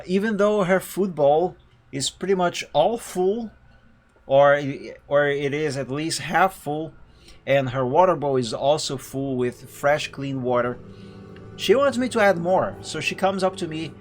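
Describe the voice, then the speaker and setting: A man on a live stream, reading a visual novel aloud and chatting with viewers in an animated way, often laughing. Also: mid-range voice. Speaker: game streamer. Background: faint game music.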